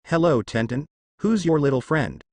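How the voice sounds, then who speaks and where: A man voicing a fond, doting middle-aged father who runs a shop, a touch lower and gruff. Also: animated, moderate pace, no echo.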